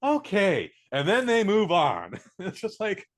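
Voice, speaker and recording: A man giving a casual spoken movie review, blunt and profane, acting out scenes in quick little voices. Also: sits high. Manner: blunt, profane, animated, mimics characters.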